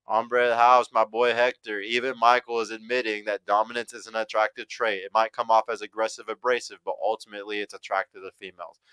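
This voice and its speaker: A man hosts a livestream and reacts bluntly to a clip, swearing freely as he reads chat comments aloud. His voice is bright and crisp, with a clean, dry sound close to the mic. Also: lowish voice, little pitch movement, quick pace, hardly any pauses, no room sound, poor audio.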